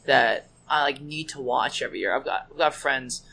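A man's voice: mid-range voice, vocal fry, bright, forceful tone, breathy edge. A man co-hosting a podcast in casual chat, mostly giving short reactions and cutting in with questions. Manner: short reactions and quick interjections. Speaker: podcast co-host.

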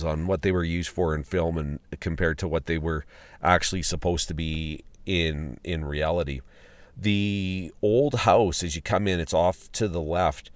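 Deep-voiced man recounting a trip. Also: dry recording. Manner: rambling, with restarts and fillers. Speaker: podcast host. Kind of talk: casual spoken travel log. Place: outdoors at a ghost town site.

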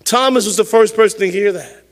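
A man preaching a sermon with a high voice for a man. He speaks emphatically but conversationally, circling back and repeating words. His voice rings out with a long reverb, as in a large hall. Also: brisk. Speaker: pastor.

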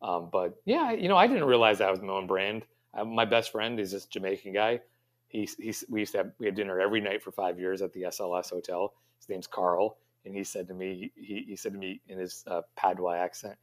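A man's voice: deep voice, brisk. A middle-aged man, a pastry chef guest, answering interview questions in a rambling, reflective way with many fillers and restarts.

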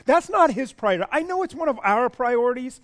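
A man preaching a sermon as a pastor, animated, asking his congregation questions and often repeating words. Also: very high voice, brisk.

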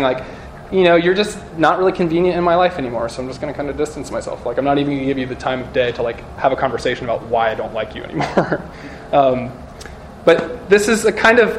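A man's voice: fairly high pitch, slight background noise. A young man giving a casual sermon-style talk to a live audience of students, chatty and joking, full of "like" and "you know". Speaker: speaker at a campus student gathering.

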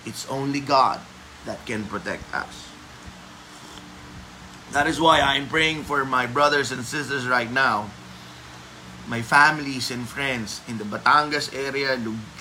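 A man with a Filipino accent giving a devotional prayer message as a pastor, slow and emphatic, letting his phrases trail off softly. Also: mid-range voice, slight background noise, poor audio. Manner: switches between English and Tagalog, slow and emphatic.

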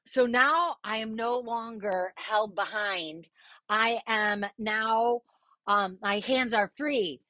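A middle-aged woman hosting a podcast, casually telling a personal story, animated, swearing freely and acting out what people said. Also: on the high side, takes it slowly, no echo. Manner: animated, swears freely, acts out quoted voices.

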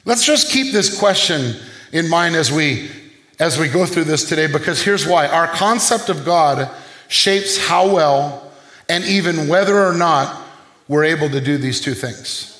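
A man with a high voice preaches a sermon, firing off questions and calling for responses. The sound rings out in an echoey room. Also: expressive, a little slow, a bit bright. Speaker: pastor.

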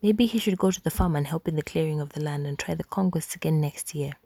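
A proud young huntress speaks in a soft, firm hush, as a woman whispers her lines. The whispered role-play sits low and gravelly, close and dry. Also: quick pace, dry recording.

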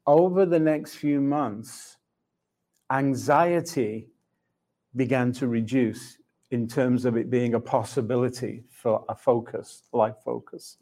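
A man's voice: medium pitch, slow pace, warm tone. Man telling a reflective faith story. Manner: reflective, laughs often, acts out dialogue with God. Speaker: Christian speaker. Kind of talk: personal testimony in conversation.

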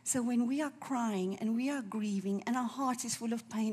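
Husky woman preaching fervently. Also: a little high. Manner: emotional, fervent, slows to a soft near-whisper at tender moments. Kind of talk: sermon.

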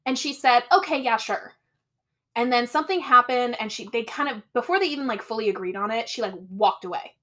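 A woman's voice: fairly high pitch, quick pace, few pauses, pushed and bright. A young woman co-hosting a podcast, chatting casually as she retells a movie's plot and acts out the characters' lines. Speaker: podcast co-host. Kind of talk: casual chat recapping a movie.

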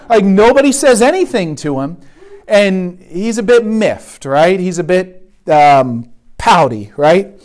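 Guy giving a retreat talk, casual sermon, keeps saying right?, slightly high voice. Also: sing-song, a little slow, a little mellow. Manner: conversational, asks the room "right?" often. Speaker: retreat speaker.

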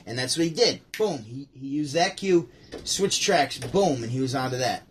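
A man hosting a daily show, chatting casually and telling stories in a rambling, animated way with many restarts. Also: medium pitch, moderate pace, slight background noise. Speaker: host. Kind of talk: casual chat.

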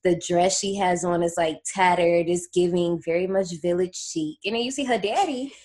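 A woman hosting a casual movie podcast, telling the story in a lively, slangy way and laughing often. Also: lowish voice, normal speed. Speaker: podcast host recapping a horror movie. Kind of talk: casual chat.

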